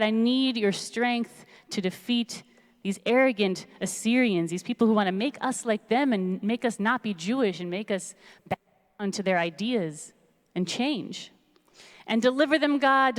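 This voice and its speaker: A woman's voice: fairly high pitch, lightly acted. A woman voicing a stern, pious widow scolding the town's leaders, in a hall with long reverb. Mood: pleading prayer. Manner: indignant, scolding.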